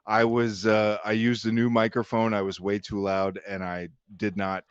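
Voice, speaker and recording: A man's voice: on the low side, little pitch movement, moderate pace, smooth, dull audio. A ranting, swearing man. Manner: angry, profane, jeering rant. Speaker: panel guest. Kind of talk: heated livestream panel rant.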